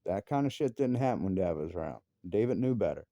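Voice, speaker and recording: A father with a deep, dark voice rants fast and in a sing-song way about his family, swearing heavily. His anger spikes into sharp outbursts, recorded with no room sound.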